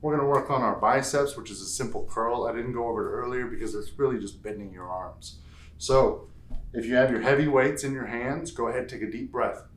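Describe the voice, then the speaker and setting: A man's voice: medium pitch, a little fast. A man leading a home strength workout, counting reps aloud and adding playful asides. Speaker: fitness instructor. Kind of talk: guided workout instruction. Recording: echoey room.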